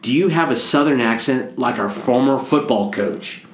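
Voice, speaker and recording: A man's voice: mid-range voice, moderate pace, roomy sound. A man, a priest, co-hosting a casual chat, joking and rambling playfully. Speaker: priest and podcast co-host.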